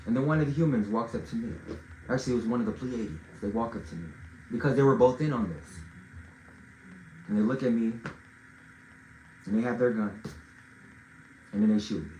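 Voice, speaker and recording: A man telling a long story in a casual way, swinging between loud bursts and low mutters. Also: lively intonation, brisk, long pauses, slight background noise. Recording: roomy echo.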